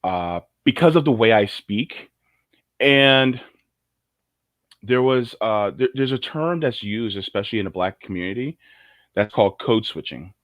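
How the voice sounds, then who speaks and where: A man co-hosting a podcast, talking casually in a rambling, animated way. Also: fairly low pitch, a little slow, no room sound. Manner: rambling, many fillers and restarts, animated storytelling. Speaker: podcast co-host. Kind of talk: casual conversation.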